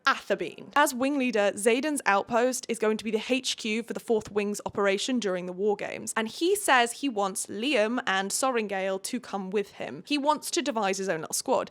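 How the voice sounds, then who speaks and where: Sarcastic girl doing an unhinged book recap, chatty, highish voice. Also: expressive, fairly quick, few pauses, fairly bright tone. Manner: chatty, sarcastic, dramatic asides. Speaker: book reviewer.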